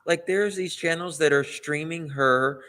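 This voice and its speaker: A man co-hosting a casual commentary chat, giving earnest and opinionated remarks in a measured way. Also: a little high, sharp tone. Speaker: co-host.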